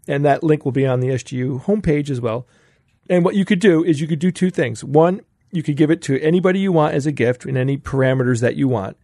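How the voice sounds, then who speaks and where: A man's voice: a little high, a little mellow, no room sound, clean studio sound. A man co-hosting a podcast, giving an upbeat promotional announcement. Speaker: podcast co-host. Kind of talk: casual announcement.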